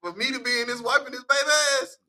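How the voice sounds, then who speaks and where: A man in his thirties co-hosting a casual chat, telling profane, animated stories with laughter. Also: very high-pitched, quick pace, poor audio.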